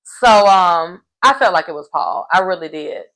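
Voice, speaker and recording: A woman giving a casual, animated episode recap of a reality show and acting out the people she quotes. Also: fairly low pitch, normal speed, poor audio. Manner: animated storytelling, acts out quotes.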